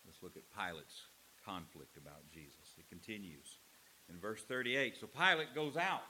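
A man preaching a sermon in an animated way, acting out quotes with voices. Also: lowish voice, moderate pace, a little hiss or hum. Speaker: pastor.

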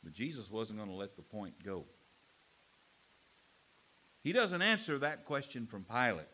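Man, pastor, sermon, animated, bright voice, wide pitch swings. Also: measured pace. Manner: animated, acts out quotes with voices.

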